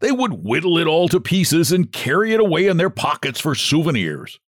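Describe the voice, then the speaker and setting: A man doing a hearty, brisk Santa Claus. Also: a little high, huge pitch swings, no echo, clean studio sound, voice pushed up. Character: jolly bustling Santa Claus, hurried and kind.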